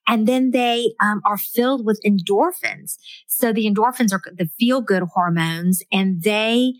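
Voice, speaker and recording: A middle-aged woman talks in an earnest, reflective way as a guest author on a faith-based interview. Her voice sits at an ordinary pitch for a woman. The recording is dry and close, with no room around it. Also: measured pace, no room sound.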